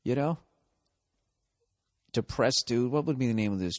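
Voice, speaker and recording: A man's voice: mid-range voice, moderate pace, pauses often, dry recording, clean studio sound. A man with a Boston accent, hosting a podcast and reading listener mail in a sarcastic, mocking, profane comedic rant. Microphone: studio podcast mic.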